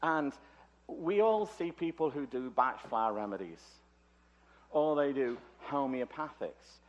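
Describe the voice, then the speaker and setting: A man's voice: medium pitch, expressive, measured pace, highs cut off. British man giving a chatty conference talk. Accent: British English. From Liverpool, England. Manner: chatty, joking asides. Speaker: conference lecturer. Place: conference hall.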